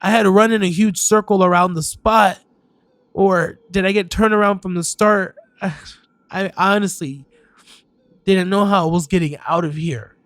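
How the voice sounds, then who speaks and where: Male horror storyteller, higher voice, unhurried delivery, hesitant with sighs, dry booth sound. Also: steady tone, a bit bright, dry recording. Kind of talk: first-person horror storytelling.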